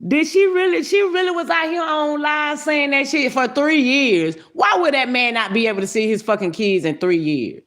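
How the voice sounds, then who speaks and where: Woman, higher voice, brash and profane, livestream commentary, greets viewers by name. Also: moderate pace, hardly any pauses, fairly bright tone.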